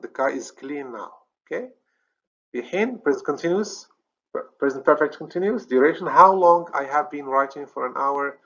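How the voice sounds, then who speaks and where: An English teacher with a Moroccan accent walks through a recorded grammar lesson step by step, often checking "okay?" and correcting himself. His medium-pitched voice is fairly bright, though the highs are cut off.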